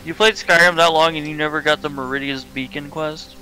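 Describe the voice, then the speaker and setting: A man's voice: a little high, steady tone, fairly quick, bright, forceful tone, soft background music, low-quality recording. Goofy joking man streaming a game. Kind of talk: casual gaming chat.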